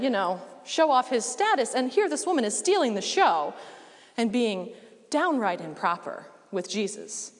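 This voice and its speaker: Woman preaching in a reverberant church. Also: on the high side. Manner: conversational, relaxed preaching with casual asides. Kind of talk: sermon.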